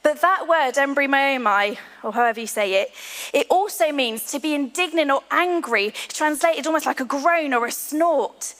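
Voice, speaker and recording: A woman preaching a sermon to her church, earnest, slowing to a hushed voice on key lines. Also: high-pitched. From England. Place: large church hall. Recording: long hall reverb.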